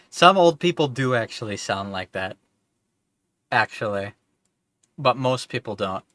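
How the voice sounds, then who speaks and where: A man's voice: mid-range voice, animated, slow pace, pauses often, no echo. A young man from Minnesota chatting casually on a gaming stream, rambling and swearing freely. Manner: rambling, profane, loose. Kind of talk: casual chat while gaming. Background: loud music.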